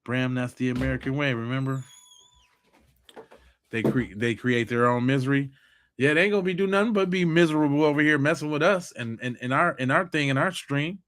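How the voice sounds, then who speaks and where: A live-stream host speaks casually but in a heated way, mocking his viewers' comments and addressing the chat directly. His voice is medium-pitched, brisk and a bit bright.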